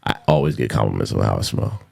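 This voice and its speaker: Blunt, low-voiced podcaster man with gravel. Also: expressive, fast. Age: 30s. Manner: blunt, profane, repeats himself for emphasis. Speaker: podcast host. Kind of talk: casual solo podcast monologue.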